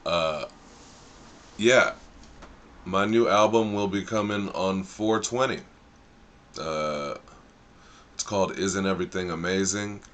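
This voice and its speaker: A man's voice: deep voice, slow, long pauses, fairly bright tone. A man hosting a casual live stream, chatting loosely in slang and drifting off track as he thinks aloud. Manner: rambling and easily sidetracked, thinking aloud; loose slang-filled talk.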